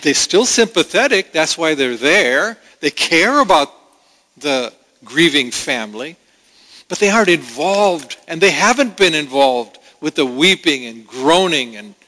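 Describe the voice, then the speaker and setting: A pastor preaching a sermon in an earnest, pausing way, with restarts. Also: male voice, on the high side, lively intonation, bright, forceful tone, long reverb tail, poor audio.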